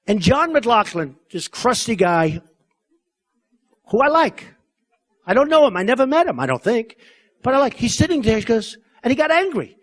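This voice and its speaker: A man's voice: sits high, sing-song, moderate pace, long pauses. A man in his sixties giving a rambling, boastful campaign speech at a convention, full of repetition and asides to the crowd. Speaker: political candidate speaking at a convention. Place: convention hall stage.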